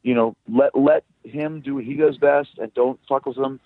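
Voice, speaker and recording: A man's voice: mid-range voice, normal speed, no echo. Man on a tinny phone line. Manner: loose, swearing, animated storytelling. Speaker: rock band frontman, guest. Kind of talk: casual phone interview.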